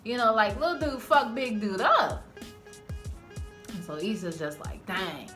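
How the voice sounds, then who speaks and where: A woman's voice: a little high, unhurried, faint music behind. A woman giving a casual, slangy, profane recap of a TV episode as a channel host. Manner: animated, slangy, profane storytelling. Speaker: TV show reviewer.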